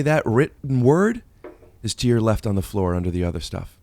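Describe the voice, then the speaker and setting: Playful, animated young man hosting. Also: on the low side, normal speed. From Ohio. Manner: playful, jokey, teasing. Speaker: podcast host. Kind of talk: casual podcast conversation. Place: podcast studio.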